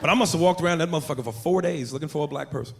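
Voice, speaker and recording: A man doing brash, profane stand-up comedy on a club stage, loud and punchy. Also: on the high side, racing, vocal fry. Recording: live club recording with loud crowd and noise.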